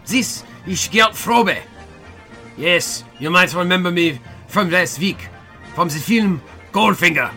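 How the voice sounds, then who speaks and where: A man putting on a pompous older German actor with a German accent, loud, indignant and repeating himself. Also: high voice, lively intonation, slow, soft background music, full character voice. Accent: German, put on.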